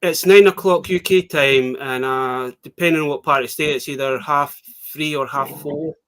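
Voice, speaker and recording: A man's voice: fairly high pitch, steady tone, normal speed, fairly bright tone, clear, resonant tone, no echo. A Scottish man chatting as a guest on an online show, easygoing and laughing as he explains. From Scotland. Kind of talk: casual chat.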